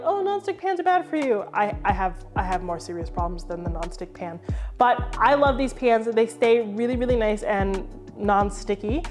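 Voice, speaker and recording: A young woman in her home kitchen, chatting casually and playfully through a product review with jokey asides. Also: medium pitch. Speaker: home and lifestyle creator.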